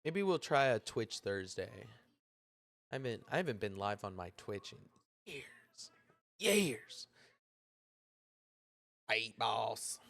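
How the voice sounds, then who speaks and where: A man's voice: fairly low pitch, lively intonation, moderate pace, creaky. A man hosting a casual livestream, rambling to chat while sorting out stream lag. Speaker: livestream host.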